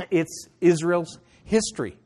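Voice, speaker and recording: A man preaching a sermon, reading scripture slowly and deliberately and then explaining it in plain talk, now and then clearing his throat. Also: on the high side, expressive, mellow. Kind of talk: sermon, Bible teaching.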